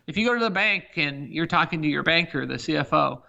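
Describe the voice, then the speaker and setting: A middle-aged man speaks as a business leader in a podcast interview, his voice gravelly with a bright, forceful edge. He pushes his points with energy and stacks example after example. The audio is a bit dull and lo-fi. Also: on the high side, fairly quick. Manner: energetic, emphatic, talks through examples. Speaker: senior living company CEO, guest.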